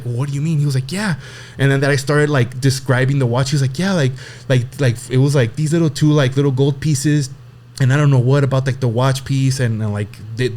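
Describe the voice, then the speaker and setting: A man's voice: medium pitch, darkish tone. A young man telling a personal story in casual podcast chat, rambling with lots of fillers and restarts and casual swearing.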